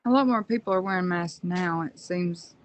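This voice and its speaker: A woman's voice: lowish voice, moderate pace, no room sound. A woman joining a live stream as a guest, chiming in with short reactions in casual chat. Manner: brief interjections and reactions.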